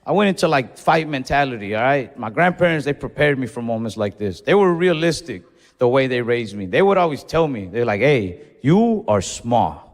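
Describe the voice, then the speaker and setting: A young man doing stand-up, telling a story with animated, profane, self-mocking energy on a comedy club stage. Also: medium pitch, fairly quick. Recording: live club with reverb and faint noise.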